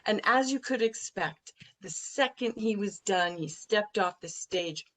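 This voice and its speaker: A woman guest on a business podcast, telling an anecdote in an animated, blunt way. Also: medium pitch, unhurried, slight background noise, poor audio. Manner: colorful, blunt phrasing. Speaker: guest, recruiting firm president. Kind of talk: podcast interview storytelling.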